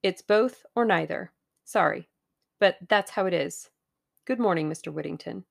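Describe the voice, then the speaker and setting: A spirited young heroine, quick and wary, who asks pointed questions and holds her ground, voiced by a woman reading an audiobook. the voice sits low with a gravelly grain. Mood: wary, firm. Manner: wary and direct.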